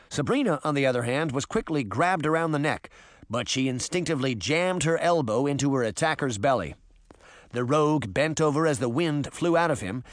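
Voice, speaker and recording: A man reading a children's adventure novel aloud with expressive, varied narration. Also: mid-range voice, dry recording, clean studio sound. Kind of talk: audiobook narration.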